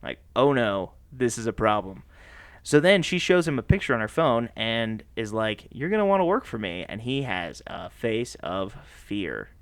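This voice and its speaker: A man co-hosting a podcast, recapping a movie plot in a casual, animated way, laughing often and slipping into voices for the characters. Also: on the low side, normal speed, no room sound. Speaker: podcast co-host.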